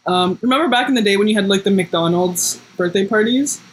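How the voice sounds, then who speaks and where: A woman co-hosting a podcast, chatting casually, laughing often and swinging high when she quotes people. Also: a little fast, slight background noise, poor audio. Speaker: podcast co-host. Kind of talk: casual chat.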